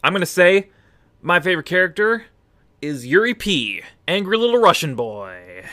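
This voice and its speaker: A man co-hosting a podcast in casual chat, animated and excitable. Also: sits high, moderate pace, dry recording. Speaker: podcast co-host.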